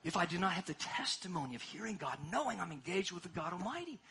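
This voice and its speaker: A man preaching a sermon as pastor, impassioned, swinging between hushed asides and loud exhortation. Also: high-pitched, very animated, fast, vocal fry, background noise.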